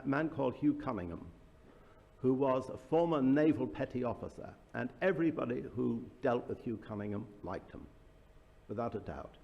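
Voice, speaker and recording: Speaking in a gravelly, medium-pitched voice, a man tells anecdotes as the author at his book launch, stumbling through frequent fillers and restarts in a casual public talk. The recording is muffled and carries the reverb of a large hall.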